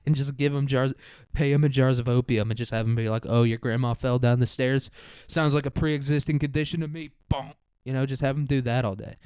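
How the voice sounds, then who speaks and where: A man's voice: mid-range voice, darkish tone, clear, resonant tone, no echo. Rambling profane man, dry sound. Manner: rambling, crude and profane, says "like" and "dude" a lot. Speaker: podcast host. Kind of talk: casual comedic monologue.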